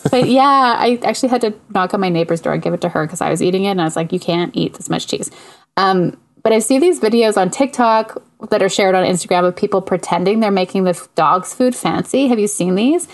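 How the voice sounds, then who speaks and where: A woman's voice: mid-range voice, fast talker, few pauses. A woman in casual podcast chat, telling stories and putting on playful voices for her dog.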